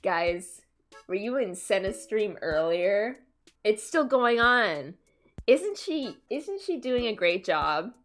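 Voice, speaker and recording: A woman's voice: medium pitch, sing-song, slow pace. A young woman from Canada chatting casually on a live stream, laughing often and answering her chat.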